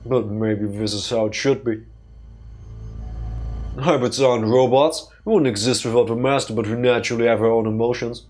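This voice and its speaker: A man voicing a vengeful male hybrid villain in a put-on Southern American drawl, slow, grim and menacing. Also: medium pitch, steady tone, darkish tone, faint music behind, lightly acted.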